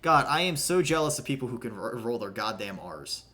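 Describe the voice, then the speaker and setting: A man's voice: medium pitch, very animated, a little fast, hardly any pauses, pushed and bright. A man streaming a game, chatting casually in a rambling, profane way with lots of fillers. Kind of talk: casual livestream chat. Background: game music.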